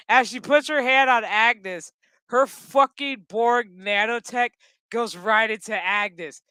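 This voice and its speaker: A man's voice: extremely high pitch, takes it slowly, sharp tone, smooth, no echo. A man giving a casual, profane, rambling episode recap with sarcastic asides. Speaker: show recap host.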